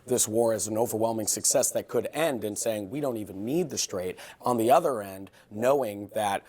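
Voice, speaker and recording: A man with a fairly low voice speaks as a news reporter, laying out his analysis steadily. His tone is measured and explanatory. He keeps adding "right?" as he builds his points. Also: darkish tone.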